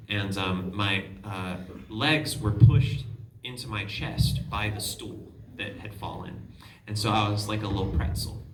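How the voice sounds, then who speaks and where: Male voice actor, panel Q&A, low-ish voice, animated and self-mocking, echoey hall from far off, noisy crowd. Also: unhurried, hardly any pauses. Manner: animated, self-deprecating, laughs while telling stories. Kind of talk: casual storytelling to an audience. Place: large convention hall. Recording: echoey hall, far from the mic, audience noise.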